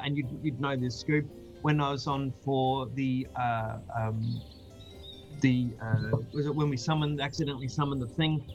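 A man's voice: medium pitch, muffled recording. A man from Australia with an Australian accent, chatting casually as a guest on a video call, laughing easily and restarting often. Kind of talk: casual chat.

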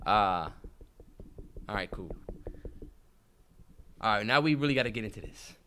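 A man's voice: on the low side, expressive, normal speed, bright, forceful tone, slight background noise. Easygoing man co-hosting. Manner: easygoing, playing devil's advocate. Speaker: podcast co-host. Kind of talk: casual chat.

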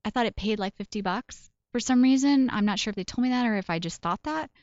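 A woman's voice: mid-range voice, fast, a little mellow, dry recording, highs cut off. A woman comedian and voice actor chatting in an interview, telling stories in a self-deprecating way with laughs along the way. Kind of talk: casual interview chat.

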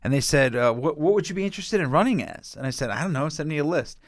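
A man chatting on a podcast, his pitch swinging widely as he tells stories. He swears freely and sounds animated. The recording is dry and close. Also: fast talker, no room sound. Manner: profane, animated storytelling with frequent laughs. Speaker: podcast co-host. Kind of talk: casual podcast chat.

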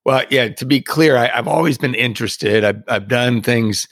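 A middle-aged man shares a personal story in an earnest, reflective way, breaking into soft laughs now and then. His voice sits at a middle pitch. It is recorded dry and close, with no room sound. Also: moderate pace, no echo. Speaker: podcast guest in recovery.

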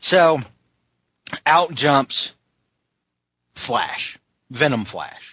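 Guy rambling on a podcast, husky scratchy voice, dry close sound, kinda lo-fi. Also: medium pitch, animated, moderate pace, no echo. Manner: rambling, many fillers and restarts. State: scratchy throat, clearing it often. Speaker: podcast host reviewing a cartoon. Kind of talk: casual chat.

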